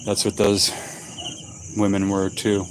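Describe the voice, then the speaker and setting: A middle-aged man talks in an unhurried, rambling drawl, joking about himself with dry sarcasm. He is vlogging outside at night in a quiet rural spot, with crickets and a faint hiss of night air around him. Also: fairly low pitch, completely flat delivery. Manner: slow, rambling, self-mocking sarcastic talk. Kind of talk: casual night-time vlog. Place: outdoors at night in a rural yard.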